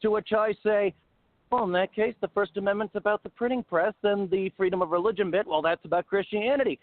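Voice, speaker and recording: Male caller, higher pitch, laid-back and opinionated, sarcastic; dry, narrow phone audio. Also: fairly quick, no room sound. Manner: casual, opinionated, sarcastic quoting. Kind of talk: call-in radio chat. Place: outside a barbecue restaurant. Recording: dry, tinny phone line.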